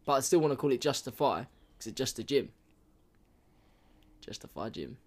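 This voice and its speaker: A young man co-hosting a casual podcast, talking in slang and getting worked up as he pitches ideas. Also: normal speed. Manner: excitable, gets worked up, slangy. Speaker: podcast co-host. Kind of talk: casual chat.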